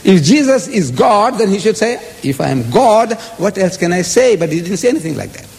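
A man with a high, animated voice, a touch of vocal fry, and a darkish tone speaks briskly in a religious debate. He lectures emphatically on scripture, reading verses aloud in shifting voices. The hall gives a long reverb.

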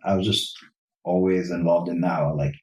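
A man with a notably deep voice talks in a relaxed, explanatory way, often restarting his sentences. He is set back from the microphone. The room around him rings with echo. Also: normal speed. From New York. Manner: easygoing, explanatory, trails off and restarts. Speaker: guest, religious teacher. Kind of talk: casual interview chat. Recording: roomy echo, distant mic.

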